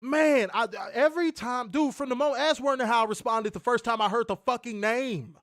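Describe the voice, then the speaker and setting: This is a man with a strikingly high voice, co-hosting a casual podcast. He rants in a profane, exasperated way. The sound is dry and close, with no room echo. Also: a little fast, a bit bright. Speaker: co-host of wrestling review show.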